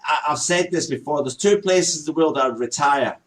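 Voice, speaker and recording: A man co-hosting a casual chat show, jokey and loud, often laughing. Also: a little high, a little fast. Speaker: co-host.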